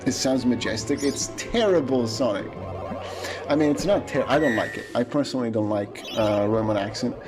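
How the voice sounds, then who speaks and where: A man's voice: mid-range voice, moderate pace. A man from Italy with an Italian accent, chatting casually and opinionatedly while streaming a speedrun, often restarting his sentences. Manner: musing, opinionated, hesitant with restarts. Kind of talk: casual chat while gaming. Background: game music.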